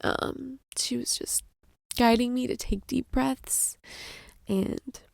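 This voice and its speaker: A young adult woman hosting a casual podcast, rambling and soft-spoken, restarting her sentences often. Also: sits high, steady tone, slow pace, vocal fry, pauses often, dry recording, studio quality. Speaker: podcast host, mother. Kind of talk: casual chat.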